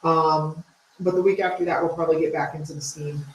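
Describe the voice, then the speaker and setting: A woman co-hosting a painting livestream, talking casually and relaxedly, reading viewer comments and often pausing with ums. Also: low-pitched, fairly even intonation. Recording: echoey room with faint noise.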